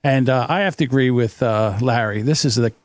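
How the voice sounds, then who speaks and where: A man answering on a comedy podcast panel in a rambling, halting way. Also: mid-range voice, dry recording. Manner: rambling, halting, many fillers. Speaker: podcast competitor.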